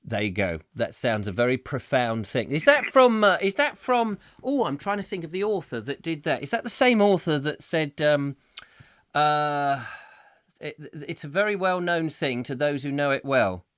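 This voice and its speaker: A man's voice: a little high, big pitch swings, normal speed, a bit bright, no room sound, clean studio sound. A man hosting a comic live chat show, chatty and jokey with rambling asides. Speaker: host.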